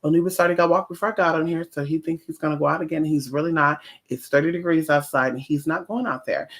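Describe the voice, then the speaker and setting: Her voice is medium in pitch, steady, a little bright, and fast as this spiritual practitioner vlogs from inside her home. The chat wanders casually, with plenty of sass and profanity.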